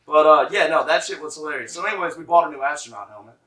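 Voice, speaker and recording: A man's voice: fairly high pitch, very fast, sharp tone, far from the mic, a little hiss or hum. A young adult man telling stories casually, swearing freely and filling his talk with "like.". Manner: loose, profane, fills with 'like'. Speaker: musician guest. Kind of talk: casual storytelling. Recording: echoey room, mic from afar.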